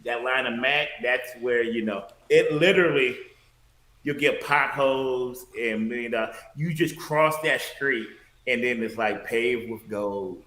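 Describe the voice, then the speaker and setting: Bright-voiced man in an echoey room. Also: mid-range voice, a little slow. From Detroit, USA. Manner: relaxed, storytelling, laughs easily. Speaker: podcast guest, former bouncer. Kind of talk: casual chat.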